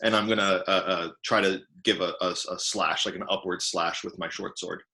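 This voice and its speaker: A man's voice: low voice, fairly even intonation, normal speed, creaky, pushed and bright. A man playing a tabletop game, describing his moves with hesitation as he works them out. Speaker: player. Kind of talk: casual tabletop game play.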